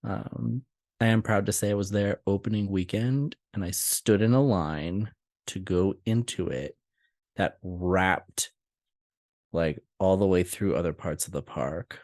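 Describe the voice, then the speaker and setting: A young man with a fairly low voice chats on a podcast, telling lively stories and laughing often. The sound is dry and close, with no room echo. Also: measured pace. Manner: laughing often, animated storytelling. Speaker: podcast co-host. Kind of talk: casual chat.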